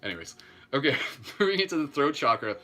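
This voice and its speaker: Bright-voiced Canadian man guiding meditation. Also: medium pitch, big pitch swings. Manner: slow, gentle breathing cues, then rambling chatty tangents with fillers. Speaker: meditation guide. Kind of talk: live guided meditation with casual asides.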